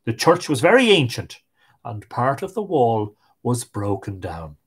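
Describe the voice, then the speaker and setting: An Irish man hosting a live stream, reading old fairy tales aloud in a lilting, expressive way. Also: medium pitch, unhurried, breathy edge. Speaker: host and storyteller.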